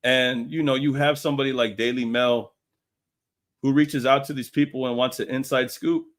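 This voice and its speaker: A man's voice: medium pitch, steady tone, moderate pace. A man hosting a casual live stream, talking in a slangy, profane way and laughing often.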